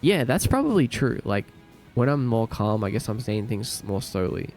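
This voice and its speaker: Reading out viewer comments during a livestream, a laid-back Australian man with an Australian accent laughs frequently while repeating words. His mid-range voice is very animated and a little mellow, his pace moderate, and gentle background music plays.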